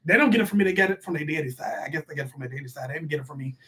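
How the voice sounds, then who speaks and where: A bossy, sassy mother who snaps at her kids between shout-outs, as a man puts her on in a high voice. She talks brash and quick to scold, hosting a comic live stream from a bedroom. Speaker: live stream host reading donations. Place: bedroom at home.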